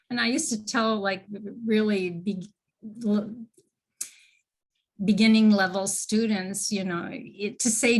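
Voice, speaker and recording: A woman teacher trainer giving a live online lecture on teaching listening, explaining slowly with fillers and self-corrections over a video call. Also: mid-range voice, steady tone.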